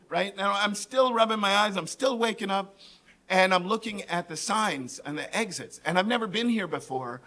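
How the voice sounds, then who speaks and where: Animated high-voiced New York storyteller. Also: male voice. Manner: animated, lively voices for quoted people, asks the audience "right?". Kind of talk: comedic personal storytelling on stage.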